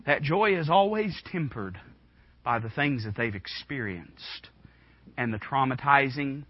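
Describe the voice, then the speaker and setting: A man in his twenties preaching a sermon in a church, impassioned, swinging from hushed tones to shouting. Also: medium pitch, animated, unhurried, slightly rough, no echo, lo-fi sound. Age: 20s. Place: church room.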